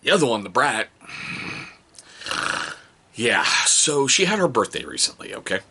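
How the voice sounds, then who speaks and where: A man's voice: normal speed, slight background noise. A middle-aged man telling stories about his kids in a casual, joking vlog. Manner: animated, jokey, mimics his kids in high voices. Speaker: vlogger, father.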